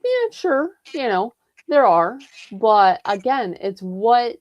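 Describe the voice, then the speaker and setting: A woman's voice: a little high, very animated, slow pace, no room sound, highs cut off. A woman in a roundtable chat, explaining her views in an earnest way, often checking in with "right?" and "you know". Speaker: roundtable participant, health coach.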